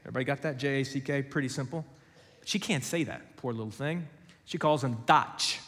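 A man preaching a sermon, moving from hushed storytelling to loud emphasis with a conversational, joking manner. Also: medium pitch, fast, long reverb tail. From United States. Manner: dramatic shifts from hushed to loud, conversational and humorous. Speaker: pastor. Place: church.

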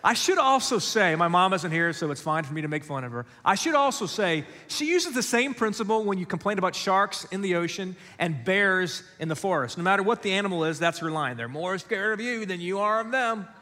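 Preaching man, lively storytelling. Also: a little fast, few pauses. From West Africa. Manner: storytelling, acts out voices, drops low and quiet for key points. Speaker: pastor. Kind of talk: sermon. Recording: long hall reverb.

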